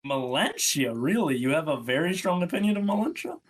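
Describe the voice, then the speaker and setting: Animated young man joking with a friend. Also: a little fast, husky. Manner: animated, jokey, pitch jumps up for bits. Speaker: co-host ranking game characters. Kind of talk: casual banter.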